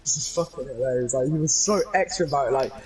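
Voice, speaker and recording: A young man, excitedly telling a story to friends in a casual, swearing, rambling way. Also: medium pitch, quick pace, a little hiss or hum. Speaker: gaming channel host. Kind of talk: animated storytelling chat.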